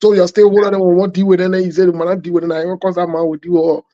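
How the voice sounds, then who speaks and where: A man's voice: high-pitched, little pitch movement, racing, mellow. A man joining a casual live stream, pressing his points insistently and repeating them. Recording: dull lo-fi call audio.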